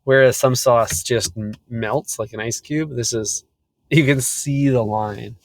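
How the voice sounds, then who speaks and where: A young man co-hosting a comedy podcast, telling stories in a wry, deadpan way with frequent laughs. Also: medium pitch, a little slow, vocal fry. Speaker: podcast co-host. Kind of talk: casual comedic chat.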